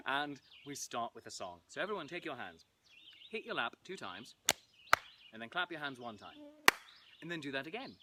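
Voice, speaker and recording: A man's voice: on the high side, big pitch swings, moderate pace. A man performing as a comic Shakespeare, hosting a playful interactive show for viewers at home and breaking into nursery-rhyme singing. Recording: loud background noise.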